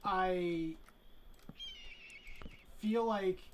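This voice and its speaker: A woman guest making brief, quiet remarks in casual chat. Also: on the low side, extremely slow, a little hiss or hum. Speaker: stream guest.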